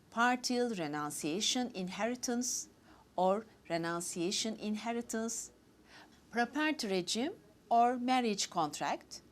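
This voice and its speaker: A woman hosting a talk, reading prepared formal remarks in a measured, list-like way. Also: on the high side. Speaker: host.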